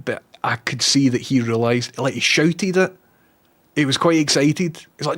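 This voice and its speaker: A man's voice: mid-range voice, moderate pace. Chatty Scottish man telling stories. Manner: animated storyteller acting out others' lines. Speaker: Twitch streamer. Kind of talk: casual chat reading viewer comments.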